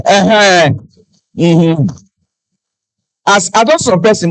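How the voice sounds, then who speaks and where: Man, Cameroonian Pidgin accent, high voice, live stand-up, joking, sings hymn bits. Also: lively intonation, moderate pace, long pauses, rough recording. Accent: Cameroonian Pidgin English. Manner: joking, breaks into snatches of hymns. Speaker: event entertainer and fundraiser.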